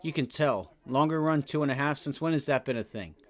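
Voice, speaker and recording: A man hosting a live day trading stream, giving loose, slangy market commentary that swells into loud rants. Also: medium pitch, a little fast. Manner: casual slangy talk that rises to loud rants. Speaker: day trading livestream host.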